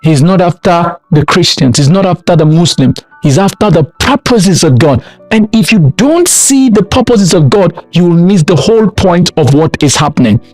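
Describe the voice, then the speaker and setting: A man's voice: high voice, animated, moderate pace, hardly any pauses, a little mellow, no room sound, faint music behind. A man from Nigeria preaching a sermon with emphatic repeated refrains. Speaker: pastor.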